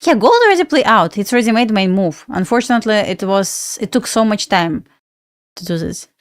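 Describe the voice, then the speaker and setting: A woman's voice: medium pitch, lively intonation, brisk, no room sound. Belarusian lady chatting on her stream, answers viewer questions, laughs a lot, dry sound. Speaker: livestream trading host. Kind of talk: casual live-stream chat answering viewers.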